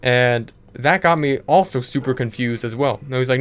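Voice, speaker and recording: A man's voice: medium pitch, normal speed, few pauses, a bit bright. A young man hosting a gaming channel, telling a story casually over gameplay, in a rambling way with lots of filler words.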